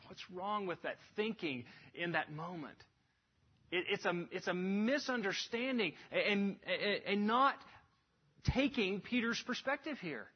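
Husky-voiced preacher man, emphatic. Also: sits high, expressive, unhurried. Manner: earnest, emphatic, with sudden rises and hushed drops. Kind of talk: sermon. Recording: dull lo-fi recording.

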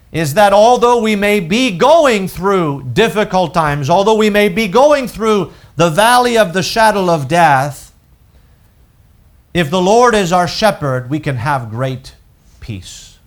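A man delivers a sermon in a fairly high voice. He speaks slowly and with emphasis, pausing on key words and repeating important phrases. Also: fairly bright tone. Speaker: preacher.

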